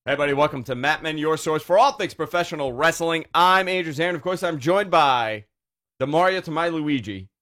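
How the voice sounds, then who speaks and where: A man's voice: a little high, a little fast, a bit bright. A man hosting a casual wrestling podcast, loose and joking, rambling with restarts. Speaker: podcast host.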